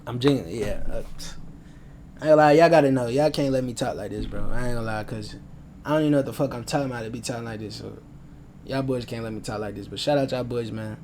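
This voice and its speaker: A man's voice: mid-range voice, fast talker, a little mellow. Rambling young man with slang. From United States. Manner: loose, slangy, rambling and self-aware about rambling. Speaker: sports vlogger. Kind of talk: casual rambling sports predictions. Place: at home.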